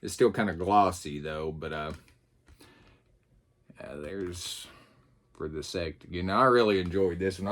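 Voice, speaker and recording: A man with a Southern US accent chatting casually and rambling, with many fillers, as he unboxes and talks through his new purchase. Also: low voice. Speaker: YouTube host.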